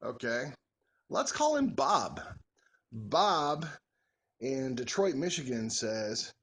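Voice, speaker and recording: Husky laid-back man in his forties. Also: mid-range voice, sing-song, slow, pauses often, a bit bright. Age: 40s. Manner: joking, rambling, folksy. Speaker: vlogger answering follower questions. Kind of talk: casual Q&A chat.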